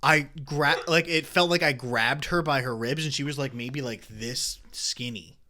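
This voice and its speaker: A man's voice: medium pitch, unhurried, sharp tone. A young man co-hosting a casual podcast chat, telling a long story with lots of fillers and restarts. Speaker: podcast co-host.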